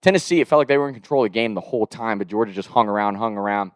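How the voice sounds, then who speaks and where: A man's voice: rapid-fire, dry recording, clean studio sound. A young man casually telling a story, laughing often, swearing freely and acting out the people he quotes. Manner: acts out quoted people with shifts in pitch and loudness.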